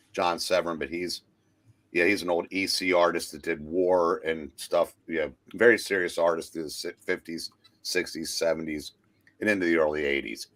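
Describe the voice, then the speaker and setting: A male co-host with a lowish voice and a bright, forceful edge. He rambles through explanations in a jokey, easygoing way. The talk is casual live-stream chat.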